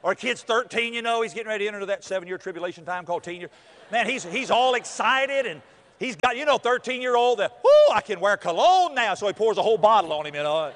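A man's voice: sits high, fast. A man preaching a storytelling sermon, acting out quotes and laughing as he goes. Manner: animated, acts out quotes with laughter. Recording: long hall reverb.

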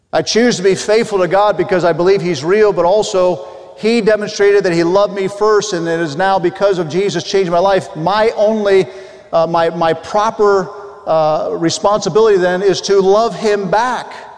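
A man's voice: high-pitched, darkish tone. A man preaching a sermon earnestly, reading old scripture aloud with frequent restarts. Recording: long hall reverb.

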